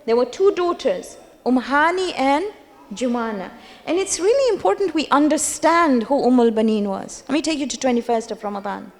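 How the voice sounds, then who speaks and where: A woman giving a religious lecture at a gathering, telling stories emphatically and repeating key phrases for weight. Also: sits high. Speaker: majlis speaker. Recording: long hall reverb.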